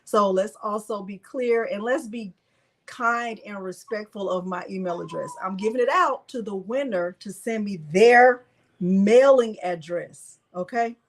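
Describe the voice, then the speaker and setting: A woman's voice: mid-range voice, measured pace. A middle-aged woman hosting a craft livestream, chatting casually and emphatically repeating herself to viewers. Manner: repetitive, emphatic, talks to viewers.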